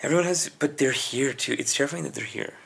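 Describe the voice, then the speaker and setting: A man's voice: medium pitch, fast, gravelly, a bit bright, husky. A man co-hosting a comedy podcast, rambling through stories in casual chat and calling people "dude" and "man". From Canada. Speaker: podcast co-host. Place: indoors, podcast recording.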